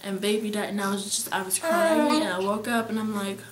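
A teenage girl telling a vivid dream in casual storytelling, her voice dropping to whispers and rising to near-shouts. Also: medium pitch, lively intonation, a little fast, a little hiss or hum. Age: teens. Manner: emotional, swings between whispers and near-shouting. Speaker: guest sharing a dream. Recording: echoey room.

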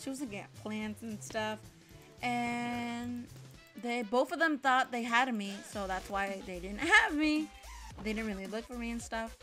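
Young woman, casual vlog storytelling, rambling, swears often, high voice, light music behind. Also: bright, forceful tone. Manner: rambling, swears a lot, many fillers. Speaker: storytime vlogger.

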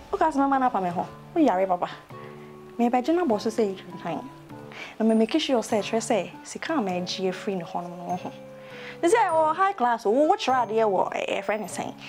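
A woman plays a gossipy young woman with a Ghanaian accent, talking on and on in a comic web series skit. Her voice sits a little high for a woman, and she flows loosely between English and pidgin, with a faint bed of music underneath. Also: darkish tone, natural voice. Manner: chatty, gossipy, mixing English with pidgin and local words. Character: chatty young woman weighing boyfriends.

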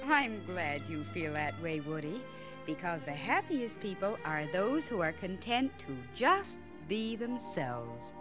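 A woman's voice: on the low side, very animated, unhurried, music in the background. A woman voicing a kind, patient fairy godmother who chants her spells in a sing-song way, on a vintage children's storybook record. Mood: gentle.

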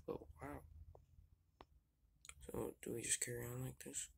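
A young fan narrator telling a homemade toy train story in plain, unhurried narration. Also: medium pitch, vocal fry, a little hiss or hum. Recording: homemade video voice-over.

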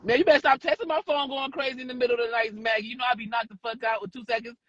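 A woman's voice: fairly high pitch, steady tone, racing, a bit bright, dry recording, lo-fi sound. A woman from Detroit chatting on a phone live stream while driving, brash and profane, teasing the others. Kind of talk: casual chat while driving. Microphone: phone in car.

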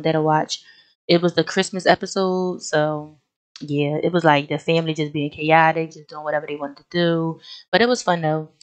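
A young woman hosts a let's play of a life-sim game, chatting casually and excitedly right to her viewers and frequently bursting into exclamations. Her voice is low and smooth, and the talk is casual gameplay commentary.

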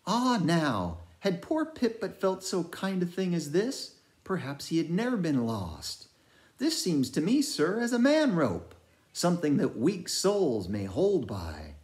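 A high crazed cabin boy. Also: sing-song, a little slow, a little mellow. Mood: tender. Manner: high, singsong, frantic crying out. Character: young boy cabin hand, crazed and fearful.

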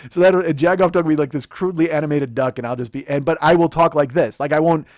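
A man hosting a comedy podcast, rattling off profane rants at a fast clip. His voice sits a bit high for a man and comes through a close microphone in a dry room with no echo. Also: a little mellow. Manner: profane, rambling, rapid rants with mocking put-on quotes. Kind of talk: casual comedic chat. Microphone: close studio microphone.

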